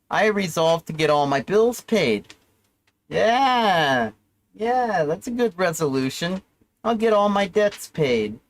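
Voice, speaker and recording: A man's voice: on the high side, poor audio. A man ranting alone on his livestream, rambling and sarcastic with plenty of profanity and self-pity. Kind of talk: solo livestream rant.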